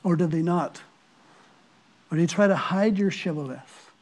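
A man's voice: fairly high pitch, moderate pace, a little mellow. A man with a Northern Irish accent preaching a sermon, telling stories and asking the listeners earnest rhetorical questions. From Northern Ireland.

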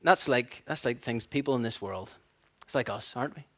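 A man preaching a sermon, animated and storytelling, acting out voices and laughing at his own stories. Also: mid-range voice, normal speed.

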